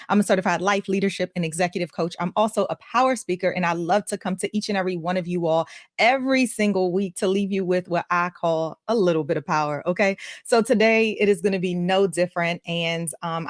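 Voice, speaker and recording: A woman's voice: lowish voice, no room sound, studio quality. A woman hosting a live coaching stream, enthusiastic and upbeat, with a folksy way of talking. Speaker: host and life coach. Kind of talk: energetic live-stream talk.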